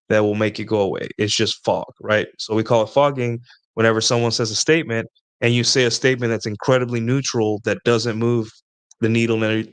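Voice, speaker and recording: A man with a lowish, clean-toned voice, recorded without echo, hosts a casual advice talk answering viewer questions. He rambles, often restarts sentences, and repeats points while checking in with "right?" and "like".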